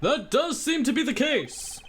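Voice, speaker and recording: A reader voicing a formal, measured courtroom judge in a game. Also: sits high, very animated, a bit bright, a little hiss or hum, heavily acted.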